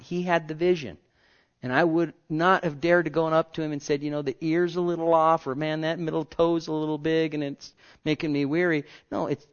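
A man preaching a sermon in an earnest way, swinging from soft, drawn-out phrases to emphatic ones and repeating key words. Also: fairly high pitch. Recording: dull lo-fi recording.

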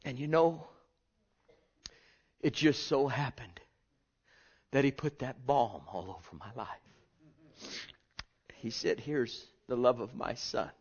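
A man preaching a sermon with passion, swinging from hushed, drawn-out words to loud cries. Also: medium pitch, breathy edge, highs cut off.

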